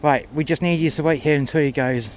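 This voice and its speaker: A man's voice: fairly high pitch, steady tone, quick pace, soft background music. Blunt, profane man telling a story. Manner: crude, confrontational, acts out both sides of dialogue. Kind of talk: first-person storytelling.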